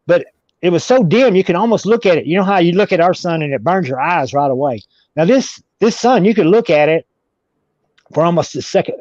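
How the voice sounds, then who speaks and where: A man's voice: a little high, a little mellow, no room sound. A man telling a long story as an interview guest, rambling with many restarts. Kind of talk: casual storytelling. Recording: dull lo-fi recording.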